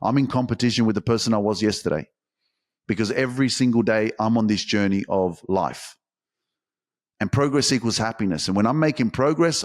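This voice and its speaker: A man's voice: on the low side, fairly quick. A man hosting a podcast, talking in an intense, emphatic motivational monologue full of swearing. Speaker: podcast host.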